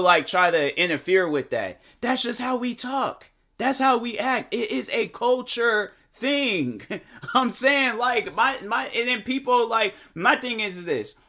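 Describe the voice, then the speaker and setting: A man talking in a casual opinion vlog, animated and slangy with lots of fillers. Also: on the high side. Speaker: vlogger.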